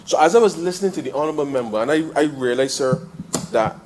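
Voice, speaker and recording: A man giving a parliamentary debate speech in the chamber, addressing the chair with a steady "sir" and building to emphatic rises. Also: fairly high pitch, quick pace, a little hiss or hum, rough recording. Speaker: member of parliament.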